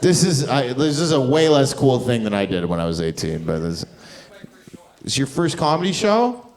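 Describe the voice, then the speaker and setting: This Canadian comic works the crowd at a club, brash and profane, slipping into mocking fake voices while laughter rises from the audience. He speaks at a moderate pace in a medium-pitched, sing-song voice with a darkish tone.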